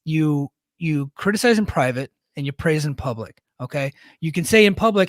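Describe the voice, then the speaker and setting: Middle-aged guy, kinda high voice, blunt storyteller, tons of "right?", dead dry mic. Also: lively intonation, normal speed, few pauses, no room sound. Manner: blunt, storytelling, fond of "right?" tag questions. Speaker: podcast co-host; military leader. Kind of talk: casual podcast chat.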